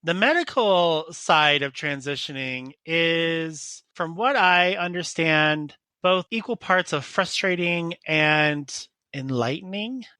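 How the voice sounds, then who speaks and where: A man's voice: fairly high pitch, animated, takes it slowly, hardly any pauses, sharp tone, clear, resonant tone, no room sound. A man hosting a casual podcast interview, talking frankly and chattily with plenty of slang. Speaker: podcast host.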